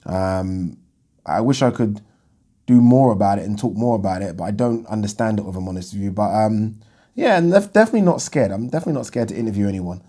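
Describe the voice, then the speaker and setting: Male host, deep warm voice, frank and chatty, lots of ums. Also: animated, fast talker. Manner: frank, rambling, heavy on ums. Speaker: boxing YouTube host. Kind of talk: casual Q&A chat.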